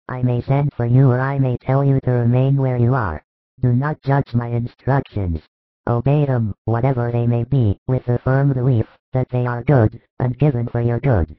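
A calm, patient spiritual master, played by a man gives measured instruction in a religious audio drama. His voice sits at an ordinary male pitch. The sound is thin, phone-like and dry. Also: no room sound, close to an everyday voice. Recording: tinny phone-like dry recording.

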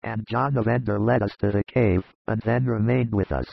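A man's voice: on the low side, steady tone, normal speed, gravelly, breathy edge, no echo, lo-fi sound, full character voice. A man voicing an older male disciple who speaks in an earnest, fatherly way, in a dramatized audiobook reading.

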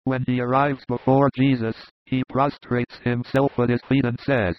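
Measured male audiobook narrator. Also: medium pitch, little pitch movement, no room sound. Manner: measured, descriptive. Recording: dull lo-fi recording.

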